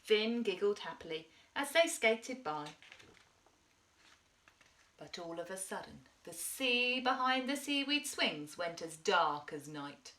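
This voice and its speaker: Woman teacher reading aloud to kids, bright and lively, highish voice. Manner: expressive, animated reading. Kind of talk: storybook read-aloud.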